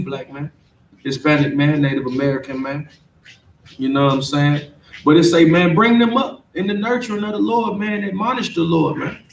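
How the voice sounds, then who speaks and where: Fervent preaching man, echoey room. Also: a little high. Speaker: class teacher. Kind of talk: street sermon. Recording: echoey room, distant mic, faint noise.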